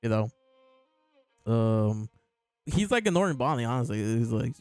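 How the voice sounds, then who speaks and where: A man's voice: mid-range voice, big pitch swings, a little slow, a little mellow, smooth, dry recording, faint music behind. A man casually chatting as a show host, amused and laughing often as he talks. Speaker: podcast host reviewing manga. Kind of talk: casual chat.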